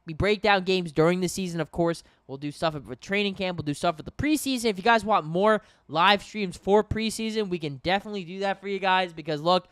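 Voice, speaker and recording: A young man commentates a game live for his stream, a bit tired and yawning. His voice sits a little high and sounds smooth and clear. The recording is dry and close. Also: a little fast, few pauses, fairly bright tone, dry recording. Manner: conversational, addresses viewers as guys. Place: home in New York.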